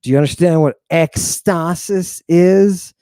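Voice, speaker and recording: A man teaching an informal language lesson in a brash, teasing way, with quick asides to his students. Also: on the high side, dark tone, smooth, no room sound, studio quality.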